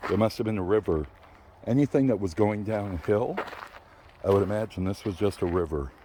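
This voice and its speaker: A man's voice: on the low side, brisk, noisy background. An older man vlogging casually on an outdoor park trail, out of breath and panting between phrases. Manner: chatty, panting between phrases, apologetic, laughs often. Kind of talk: casual walking vlog.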